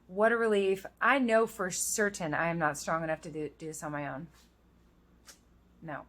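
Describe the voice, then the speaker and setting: A woman's voice: on the low side, fairly even intonation, normal speed, a bit bright. A woman in her thirties talking casually and earnestly to her viewers, reading scripture verses aloud. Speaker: vlogger. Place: outdoors in the rain.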